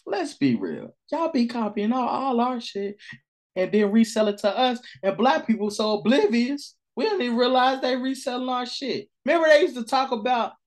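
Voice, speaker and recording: A podcast co-host in casual chat, blunt and sarcastic, swearing and laughing a lot. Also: mid-range voice.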